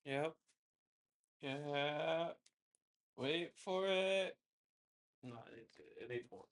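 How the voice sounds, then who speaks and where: A woman's voice: low voice, very slow. A woman helping off camera, making dry, teasing remarks in casual chat.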